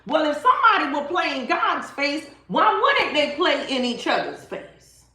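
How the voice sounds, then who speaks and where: High-voiced woman giving dramatic tarot reading. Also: sing-song, unhurried, sharp tone, reverberant. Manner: dramatic, emphatic, speaks straight to viewers. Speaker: tarot reader. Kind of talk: live-stream tarot reading.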